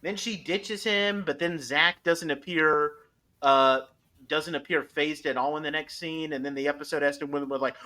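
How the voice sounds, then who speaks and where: A man hosts a relaxed review podcast. His voice sits a little on the high side, and his talk is animated and loose. He rambles and restarts his sentences often. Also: normal speed. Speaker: podcast host. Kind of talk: casual review chat.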